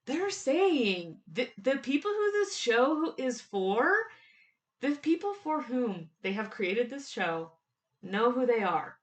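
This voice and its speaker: A woman giving casual, excited fan commentary on a TV show, laughing often and quoting lines in quick bursts. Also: a little high.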